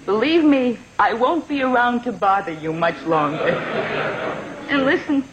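A woman's voice: fairly high pitch, lively intonation, unhurried, dull audio, background noise. A woman playing a doting, guilt-tripping middle-aged mother with a wheedling, melodramatic way of talking, heard on an old comedy record. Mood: nagging. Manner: wheedling, plaintive, melodramatic sighs and pleas.

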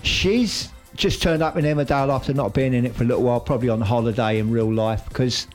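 A man tells a soap opera story in a loose, slangy way, wandering off on asides and then hauling himself back with "anyway". His pitch sits in the middle range, and faint music plays behind him. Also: quick pace. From United Kingdom. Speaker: radio show regular recapping a soap opera. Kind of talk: casual chat.

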